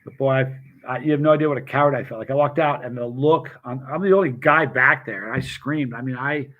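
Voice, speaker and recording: A man's voice: medium pitch, quick pace, phone-quality sound. Middle-aged man, loose storyteller; trips over his own sentences and talks straight to his viewers. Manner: rambling, self-interrupting, addresses viewers by name. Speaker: vlogger chatting with live chat. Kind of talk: casual rambling storytelling.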